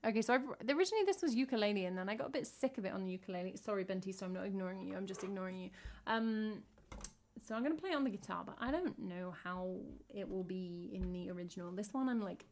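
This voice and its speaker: A woman's voice: mid-range voice, lively intonation, quick pace, darkish tone, a little hiss or hum. A young woman from England, a singer-songwriter chatting casually on a livestream, self-mocking and answering her chat.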